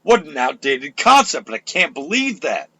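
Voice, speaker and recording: An older man hosting an internet radio talk show, ranting loudly and profanely with fiery energy. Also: a little high, big pitch swings, normal speed, slightly rough.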